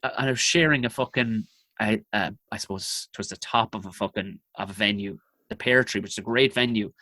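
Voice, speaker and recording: A man's voice: lowish voice, fairly quick, dry recording. Irish male comedian, casual swearing storyteller, dry close sound. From Ireland. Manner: profane, animated anecdotes. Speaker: comedian guest.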